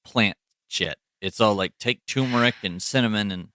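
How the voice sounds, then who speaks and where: A man's voice: fairly low pitch, normal speed, sharp tone, no room sound, clean studio sound. A man co-hosting a podcast in casual chat, rambling and profane with lots of fillers. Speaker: podcast co-host.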